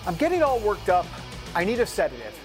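A man's voice: high-pitched, huge pitch swings, fast talker, soft background music. A man hosting a political talk show, chatty with joking asides.

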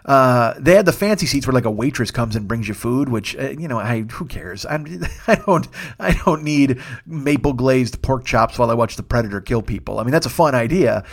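A man, a comedian and podcast host, telling a rambling, profane story in a casual, animated way with lots of restarts. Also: mid-range voice, normal speed. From lives in Los Angeles.

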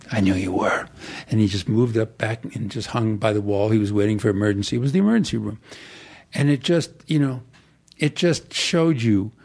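An older man, an actor, telling rambling, animated stories in an interview. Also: mid-range voice. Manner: animated, digressive storyteller. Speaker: actor guest. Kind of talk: rambling anecdotal interview talk.

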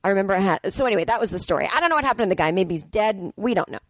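A woman in her forties hosting a podcast, telling comic stories in a profane, ranting, animated way. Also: medium pitch, very fast, no room sound. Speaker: podcast host. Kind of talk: comedic storytelling monologue. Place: Brooklyn.

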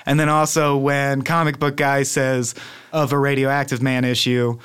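A man's voice: medium pitch, flat delivery, moderate pace, a bit bright, clean tone. A man co-hosting a casual chat, eager and jokey, chiming in like a fan. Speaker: podcast co-host.

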